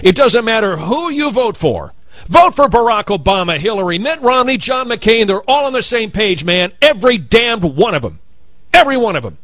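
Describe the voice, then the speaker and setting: Fiery, high-voiced male radio host. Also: very animated, normal speed, no echo. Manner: heated and combative, with sudden loud outbursts. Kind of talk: opinionated talk radio rant.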